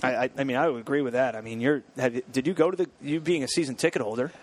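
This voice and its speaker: A man's voice: medium pitch, slight background noise. A man hosting a casual school sports radio show, talking loosely with many fillers and restarts. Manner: chatty, halting with many fillers. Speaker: station manager and show host.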